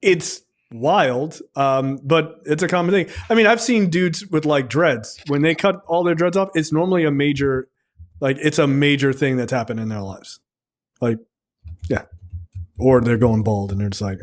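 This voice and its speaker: A man co-hosting a casual film review podcast speaks bluntly, swearing plenty and rambling loosely. His voice is a little high, and he talks at a normal speed.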